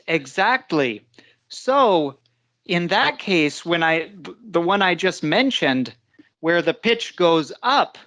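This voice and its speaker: Slow, patient woman teaching English. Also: fairly low pitch, a bit bright. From United States. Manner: patient, explains step by step, checks in with "okay?". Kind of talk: live English pronunciation lesson.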